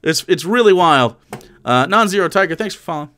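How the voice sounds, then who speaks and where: A man's voice: high voice, lively intonation, fairly quick, fairly bright tone. Exasperated young male streamer. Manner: exasperated, incredulous, swearing freely. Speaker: streamer reacting to a video. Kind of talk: casual live-stream commentary.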